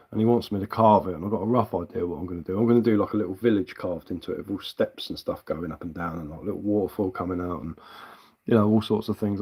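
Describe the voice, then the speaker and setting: A man's voice: on the low side, darkish tone, breathy edge. A man chatting casually on a live stream as a woodcarver, easygoing and answering viewer comments.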